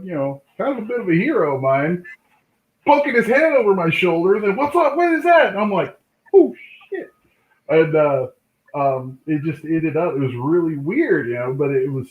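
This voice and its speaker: A man, a comic book artist, telling lively anecdotes in a casual interview, acting out the voices of people in his stories. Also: a little high. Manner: animated anecdote-telling, acts out quoted voices. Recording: tinny call line in an echoey room.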